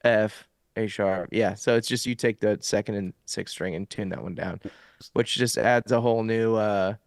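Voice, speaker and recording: A man's voice: lowish voice, normal speed, gravelly, no room sound, clean studio sound. A young adult man, a guest musician, chatting casually and explaining things at length with many fillers. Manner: relaxed, explains things in detail with lots of fillers. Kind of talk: casual interview chat.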